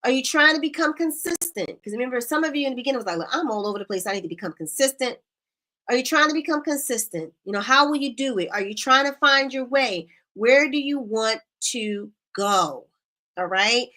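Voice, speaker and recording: High, bright-voiced woman coach. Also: a little fast. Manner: animated, laughs often, uses casual slang. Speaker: coach hosting a live group call. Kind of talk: lively casual coaching talk.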